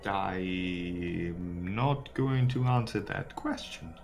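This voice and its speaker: Man voicing a guarded woman captive, measured, wary, low-pitched, faint music behind. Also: exaggerated voice.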